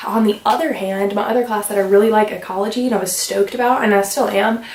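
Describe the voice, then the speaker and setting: Fast-talking young American woman vlogging. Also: mid-range voice, steady tone, darkish tone, recorded from a distance. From United States. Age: young adult. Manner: fast, rambling, lots of "like" fillers. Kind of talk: casual vlog chat. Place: room at home. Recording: roomy sound from away from the mic.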